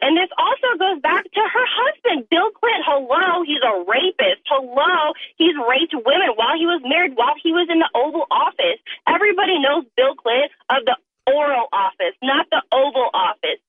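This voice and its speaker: A woman in her twenties calling in to a talk show, ranting in a heated, indignant way that rises to near shouting. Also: high-pitched. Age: 20s. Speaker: caller. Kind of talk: impassioned call-in rant. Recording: tinny phone line.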